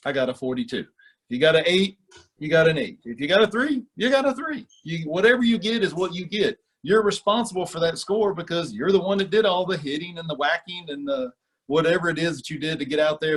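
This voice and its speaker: A man coaching a youth golf class over video, talking kids through a lesson and counting out exercises as he does them. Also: fairly high pitch. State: out of breath during burpees. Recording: voice a little distant from the mic.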